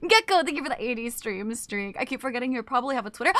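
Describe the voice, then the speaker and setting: A woman's voice: fairly high pitch, lively intonation, very fast, fairly bright tone, a little hiss or hum. A young woman streamer chatting casually with her viewers, laughing often and swearing freely.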